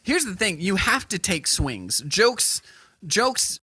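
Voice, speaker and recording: A man's voice: sits high, a little slow, slightly rough. A man co-hosting a comedy podcast, telling rambling stories in casual chat with lots of fillers. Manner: rambling, animated storyteller with many fillers. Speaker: podcast co-host.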